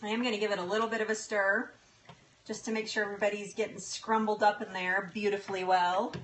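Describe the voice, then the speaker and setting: Bright-voiced woman chatting while cooking. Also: mid-range voice, flat delivery, quick pace, a little hiss or hum. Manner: chatty, laughs often, apologetic, stalls with fillers. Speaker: livestream cooking host and health coach. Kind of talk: casual live-stream chat while cooking. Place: home kitchen.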